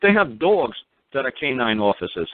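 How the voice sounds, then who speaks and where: A man's voice: medium pitch, very animated, normal speed, no room sound. A man from New hosts a call-in show, blunt and profane, firing off repeated rhetorical questions. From New York. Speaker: radio show host. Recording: dry, tinny phone-line sound.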